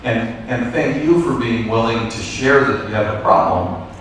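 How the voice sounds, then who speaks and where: A man leading a teacher workshop, speaking in a relaxed, encouraging way and taking questions from the audience. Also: medium pitch, normal speed. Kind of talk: conversational lecture with audience questions. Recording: echoey hall from far off, faint noise.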